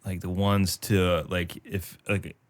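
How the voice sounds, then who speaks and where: Low-voiced Michigan comedian riffing. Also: male voice, flat delivery, slow pace. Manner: rambling, joking, swears. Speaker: comedian guest. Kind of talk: casual chat.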